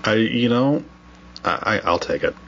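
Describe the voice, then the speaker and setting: Low-voiced Midwestern man on a podcast. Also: expressive, fairly bright tone. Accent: Midwestern American. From Wisconsin, USA. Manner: halting, many restarts and laughs. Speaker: podcast co-host. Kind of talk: casual chat. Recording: dull lo-fi audio with faint noise.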